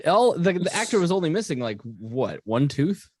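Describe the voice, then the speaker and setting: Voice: medium pitch, big pitch swings, moderate pace, darkish tone, no room sound, clean studio sound. A podcast co-host in casual chat who laughs often and makes wry quips.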